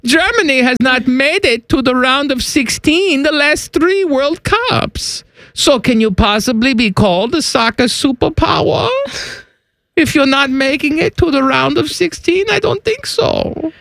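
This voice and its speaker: A man's voice: extremely high pitch, animated, unhurried, gravelly, fairly bright tone, voice pushed up, exaggerated voice. A man putting on a pompous fake German. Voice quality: exaggerated German accent, strained.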